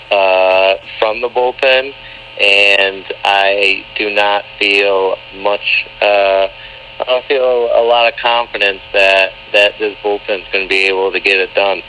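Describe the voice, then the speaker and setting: A man calling in as a guest on a sports podcast, speaking in a hesitant, halting way with lots of fillers, over a breaking-up cell phone line. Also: fairly low pitch, pushed and bright, slight background noise. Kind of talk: casual phone-in interview. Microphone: cell phone call.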